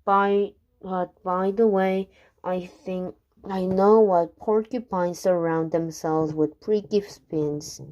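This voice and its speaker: Woman reading rhyming kids' poems aloud; lowish voice, very slow, the odd stumble and restart. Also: fairly even intonation, darkish tone, highs cut off. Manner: unhurried, with occasional stumbles and restarts. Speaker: reader.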